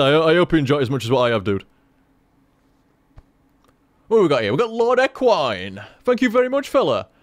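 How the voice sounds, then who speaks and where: A man's voice: medium pitch, a little mellow, no room sound. A man in casual rambling chat as a gaming commentator, chatty, laughing at himself and swearing freely.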